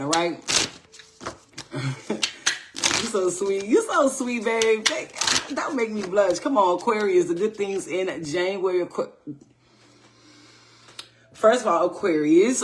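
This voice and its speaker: Hosting a tarot livestream, a woman from the United States talks in a fairly low voice. She's bubbly and expressive, doesn't hold back on profanity, and keeps asking "all right?" after making a point.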